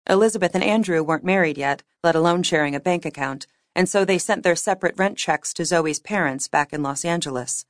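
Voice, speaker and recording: A woman reading fiction aloud as an audiobook narrator, with measured, wry storytelling. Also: lowish voice, no room sound, studio quality. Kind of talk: scripted narration.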